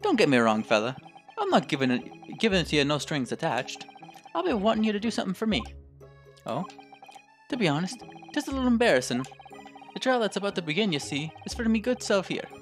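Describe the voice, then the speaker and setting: A man's voice: high voice, very animated, brisk, faint music behind. A man voicing a boastful, wealthy Irish defendant with a clumsy put-on Irish accent. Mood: jovial. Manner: jovial, blustering, loud.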